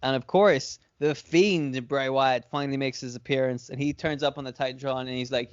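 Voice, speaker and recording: A man's voice: medium pitch, fairly even intonation, normal speed, hardly any pauses, clean tone, dry recording. Rambling man telling a story on a podcast. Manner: rambling, filler-heavy, profane retelling. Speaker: podcast co-host. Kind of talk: casual fantasy-booking storytelling. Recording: dry, slightly dull lo-fi sound.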